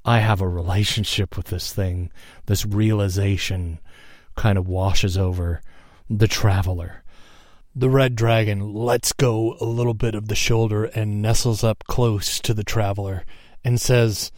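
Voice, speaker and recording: A man narrating a guided visualization story in a casual way, checking in with "right?" and chuckling softly. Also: on the low side, steady tone, a little slow, no room sound, clean studio sound.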